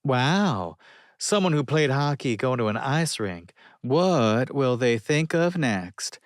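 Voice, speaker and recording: A man's voice: medium pitch, huge pitch swings, a little fast, dry recording, voice pushed up. A man voicing a sarcastic counter girl. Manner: dry sarcastic. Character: sarcastic young woman at ticket counter.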